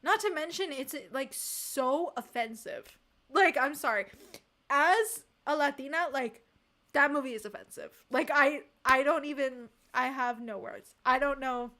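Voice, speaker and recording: A woman streamer chatting casually on a livestream and reading from the chat, emphatic and expressive, laughing often. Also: high-pitched, a little slow.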